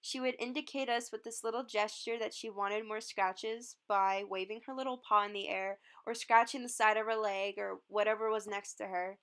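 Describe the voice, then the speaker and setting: A young woman speaks a vlog voice-over in a fond, gentle way. Her voice is smooth and clear at a middle pitch. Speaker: vlogger.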